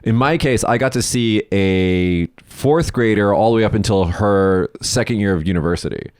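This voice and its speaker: Man, podcast co-host, animated profane storyteller, dry close sound. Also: fairly low pitch, moderate pace, clear, resonant tone, no echo. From United States. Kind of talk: casual podcast chat.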